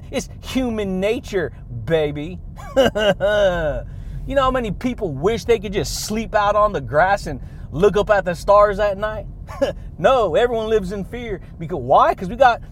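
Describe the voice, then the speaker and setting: Male podcast host, high-pitched, exuberant motivational delivery full of laughs and catchphrases. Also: a little hiss or hum. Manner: exuberant, laughs between phrases, drawn-out catchphrases.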